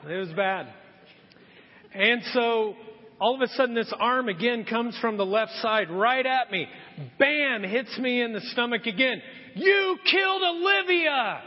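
Animated male pastor in a reverberant hall. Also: sits high. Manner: animated storyteller acting out voices. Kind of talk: sermon storytelling. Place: church hall. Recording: muffled sound with long hall reverb.

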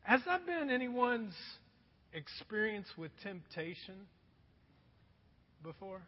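A man's voice: high voice, slightly rough. A male pastor preaching a sermon in a conversational way, often asking the congregation questions. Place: church hall. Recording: dull lo-fi recording in a reverberant hall.

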